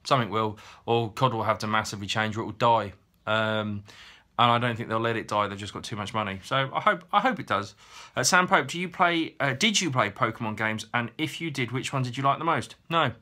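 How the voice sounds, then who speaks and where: A man in his thirties, answering viewer questions in a chatty, frank way with frequent pauses and ums. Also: medium pitch, bright, forceful tone. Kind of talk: casual Q&A chat.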